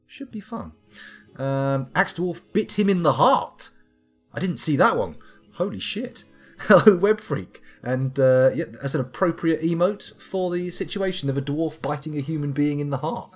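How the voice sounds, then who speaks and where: A man reading combat logs aloud with wry, profane asides as he streams a game live. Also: mid-range voice. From United Kingdom. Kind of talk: live-streamed gameplay commentary. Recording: faint guitar music behind.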